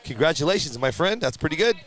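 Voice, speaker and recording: A man hosting a live stream who calls the races in a chatty, easygoing way and shouts with excitement at a surprise win. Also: on the high side, fast talker. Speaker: race announcer and livestream host. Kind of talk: casual live race commentary. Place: at a drag racing event.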